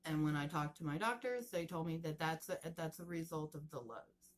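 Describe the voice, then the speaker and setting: A woman in her thirties, talking earnestly in a casual personal vlog and explaining things plainly, with halting restarts. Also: low voice. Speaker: vlogger.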